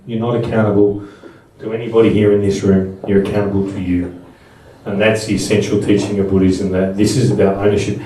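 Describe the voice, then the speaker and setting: A middle-aged man gives a talk to a live audience, chatty and full of personal stories. His voice is low and mellow. He sounds distant from the microphone in a very echoey room. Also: flat delivery, fairly quick, slight background noise. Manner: conversational and anecdotal, with frequent restarts. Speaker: speaker at a Buddhist seminar.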